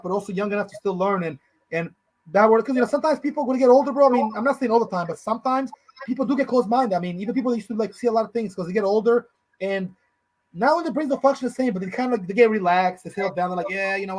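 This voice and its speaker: Man, thirties, podcast co-host, very quick delivery, high voice, rambling casual slang. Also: darkish tone. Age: 30s. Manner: rambling, slangy, says "bro" and "you know" often.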